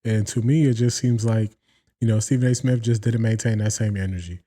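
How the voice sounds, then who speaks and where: Dark-voiced American sports commentator. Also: male voice, fairly low pitch, brisk. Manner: animated, acts out quotes, addresses viewers directly. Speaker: sports show host.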